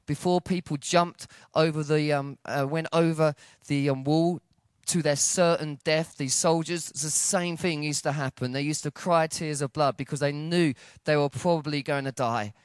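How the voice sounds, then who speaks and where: Animated preacher in a sermon. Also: male voice, no room sound, studio quality. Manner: animated storytelling, acting out dialogue with shifts in pitch and loudness.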